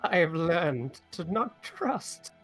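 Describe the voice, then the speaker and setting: A man's voice: on the high side, sing-song, takes it slowly, fairly bright tone, husky, faint music behind, voice pushed up, exaggerated voice. A man voicing a sly, teasing unseen creature that lurks in a tunnel and laughs like a bird. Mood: haughty teasing. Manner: teasing, haughty.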